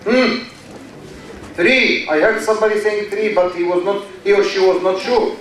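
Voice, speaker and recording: A man's voice: sits high, moderate pace, fairly bright tone. A man with an Egyptian accent giving a university lecture in English, drawing out words for emphasis and repeating example sentences. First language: Arabic. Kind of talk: classroom lecture. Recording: echoey hall, mic far off.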